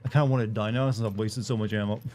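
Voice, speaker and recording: A man's voice: fairly low pitch, fairly even intonation, rapid-fire, darkish tone, a little hiss or hum. A man with a mild Southern US accent doing casual let's-play commentary, chatting with viewers and swearing at the game. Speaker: streamer.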